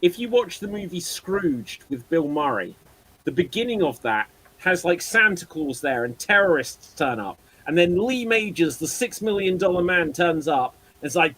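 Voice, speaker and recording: Guy hosting a live geek stream, fairly high voice, talks fast and stumbles over his words. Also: rough recording. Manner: animated, trips over words and restarts. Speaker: panel show host. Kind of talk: casual panel chat on a live stream.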